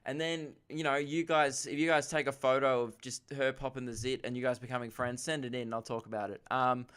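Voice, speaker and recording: A young Australian man hosts a casual comedy podcast and rambles through listener questions. He mocks himself and throws in quick asides. His voice sounds smooth and clear. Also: medium pitch, fairly even intonation, a bit bright. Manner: rambling, self-mocking, quick asides and laughs.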